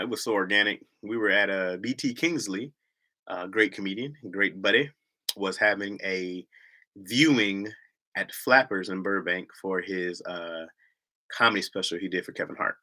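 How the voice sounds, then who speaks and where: A man telling comedic stories in a casual, animated way, putting on loud mocking voices and laughing often. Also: on the low side.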